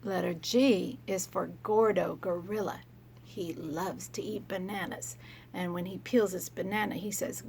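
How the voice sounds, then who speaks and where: A woman teaching young children letter sounds, speaking gently and sounding out each letter. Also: fairly low pitch, fairly even intonation, unhurried, gravelly, a little hiss or hum. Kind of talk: children's phonics lesson.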